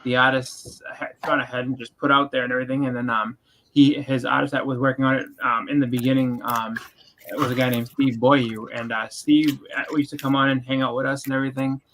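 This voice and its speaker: A man's voice: medium pitch, level tone, brisk, fairly bright tone, slight background noise, low-quality recording. A man chatting casually on a comics stream, rambling with lots of fillers and restarts. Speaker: co-host.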